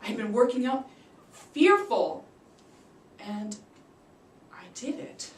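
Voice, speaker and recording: A woman giving a prepared storytelling speech at a public speaking club. She acts out the quoted voices with big leaps in pitch and loudness. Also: expressive, takes it slowly. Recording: roomy sound from a distant mic.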